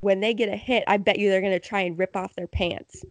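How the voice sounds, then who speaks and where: A woman's voice: mid-range voice, fairly even intonation, brisk, no room sound. A woman co-hosting a casual sports podcast, chatty and laughing often. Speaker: podcast co-host.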